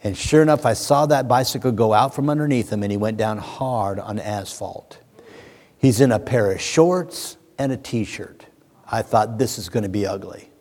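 Guy preaching a sermon, mid-range voice, goes from hushed to booming, big echoey hall. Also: moderate pace. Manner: storytelling that swings from hushed to booming; addresses the congregation directly. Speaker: pastor. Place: church sanctuary. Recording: long hall reverb.

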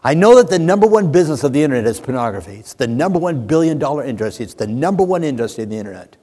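A man's voice: mid-range voice, big pitch swings, rapid-fire, dark tone. A male pastor voicing God in a sermon, speaking firmly to believers. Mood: admonishing. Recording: long hall reverb.

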